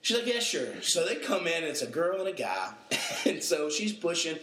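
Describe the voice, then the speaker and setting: A young adult man telling a story in casual chat, animated and acting out the voices of people he quotes. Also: a little high, moderate pace, echoey room. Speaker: podcast panelist.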